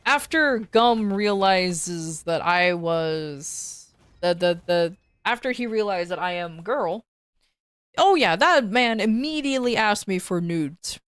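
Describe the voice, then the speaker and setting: Woman, mid-pitched voice, casual stream storytelling, quick restarts, dry close recording. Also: clear, resonant tone, no echo. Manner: animated, quick restarts and repeated words. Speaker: VTuber streamer.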